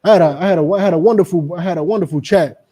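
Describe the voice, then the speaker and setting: Very fast and high-pitched with a dark tone, this middle-aged religious group speaker lectures on a radio show. He preaches emphatically and repetitively, naming the people near him as he goes.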